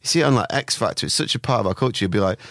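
A man co-hosting a casual podcast, his slightly low voice swinging widely as he tells stories. He drops into impressions and swears freely. The sound is dry and close. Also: very fast, no echo. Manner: animated storyteller who mimics voices and sweats casually. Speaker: podcast co-host. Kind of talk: casual chat.

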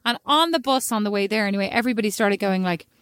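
A young woman with an Irish accent, co-hosting a casual chat and telling an animated, self-mocking story, acting out voices as she goes. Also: mid-range voice, quick pace, clear, resonant tone, no echo, studio quality. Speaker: podcast co-host.

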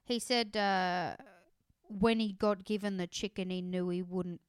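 A woman's voice: medium pitch, fairly even intonation, unhurried, clear, resonant tone, dry recording. Sarcastic woman co-host. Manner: sarcastic, laughs a lot, swears. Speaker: podcast co-host. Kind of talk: casual chat.

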